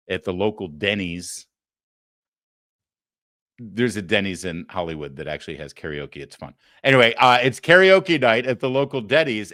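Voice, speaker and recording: A middle-aged man hosts a talk show and mocks what he plays with sarcastic commentary. His voice sits at an ordinary pitch and sounds dry and close to the mic. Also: fairly bright tone, no echo. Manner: sarcastic, mocking. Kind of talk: political commentary.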